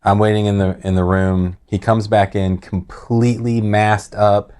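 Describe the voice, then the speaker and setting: Casting note: lower-voiced man, podcast host, animated casual storyteller. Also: measured pace, clear, resonant tone. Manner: animated, laughing retelling that drops to quiet, heavy tones.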